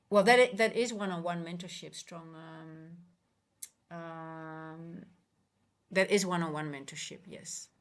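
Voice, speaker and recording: A woman coaching traders on a casual livestream, talking earnestly and rambling with many restarts. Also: lowish voice. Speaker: trading coach and livestream host.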